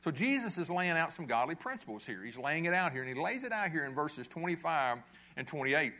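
A middle-aged man preaching a sermon with a bright, forceful tone that sits a little high for a man. He talks conversationally, throws rhetorical questions at the congregation and keeps checking in with a quick "okay?". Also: big pitch swings. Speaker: pastor.

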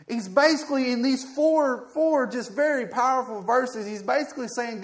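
A man preaching a sermon in a conversational way, moving from quiet asides to loud, pleading passages, often repeating words as he builds up. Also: very high voice, moderate pace, hardly any pauses. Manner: swings from soft asides to loud impassioned pleading. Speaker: pastor.

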